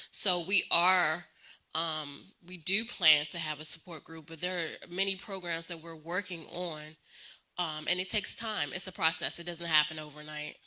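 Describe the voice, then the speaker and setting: Woman organizer, matter-of-fact, bright voice, a bit low. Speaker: support group organizer. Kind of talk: seminar Q&A answers.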